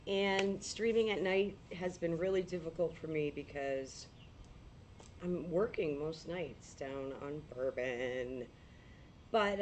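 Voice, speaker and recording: Hosting a paranormal livestream from home through a laptop mic, a woman with a hoarse, gravelly, fairly low voice chats casually and rambles between laughs. She sounds like she's losing her voice, and there's a slight hiss or hum on the recording.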